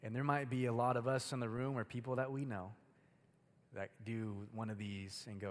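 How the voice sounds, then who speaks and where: A man's voice: medium pitch, fairly even intonation, moderate pace. A young man preaching a casual, chatty sermon to a youth group, using a lot of filler words. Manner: casual, chatty, heavy use of "like". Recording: long hall reverb.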